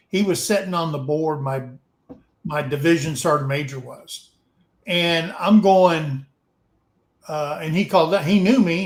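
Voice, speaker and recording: A middle-aged man, a retired Army sergeant, co-hosting a casual livestream chat and telling stories with lively acted-out dialogue. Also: on the high side, echoey room. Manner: storytelling, animated, acts out dialogue.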